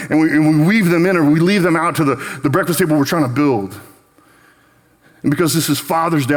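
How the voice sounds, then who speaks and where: Man preaching in an echoing church hall. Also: mid-range voice. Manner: storytelling with many quick repeated restarts. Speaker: guest speaker. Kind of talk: Father's Day church message. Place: church sanctuary. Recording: long reverb of a church hall.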